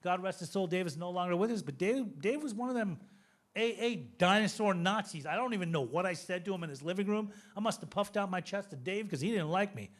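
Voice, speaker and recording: A man in his fifties giving a recovery testimony, telling his story in an animated, joking way. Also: high-pitched, fairly quick. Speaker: recovery speaker.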